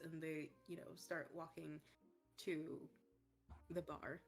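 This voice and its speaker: A woman's voice: sits low, level tone, slow, long pauses, soft background music. A woman narrating as game master in a tabletop game, rambling with lots of fillers.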